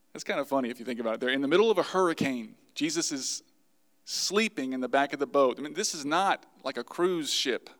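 A man preaching a sermon to his congregation, lively and acting out the voices he quotes. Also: fairly high pitch. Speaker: pastor.

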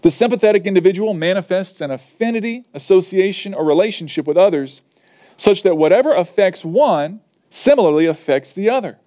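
Earnest preacher man, slightly high voice. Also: animated, a little fast, darkish tone. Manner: earnest, varied emphasis, acts out quoted speakers. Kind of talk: sermon.

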